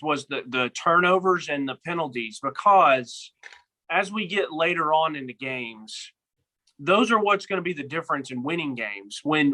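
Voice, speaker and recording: A man's voice: on the high side, sharp tone, low-quality recording. A young man co-hosting a casual sports podcast, rambling with many restarts and repeated words. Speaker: podcast co-host.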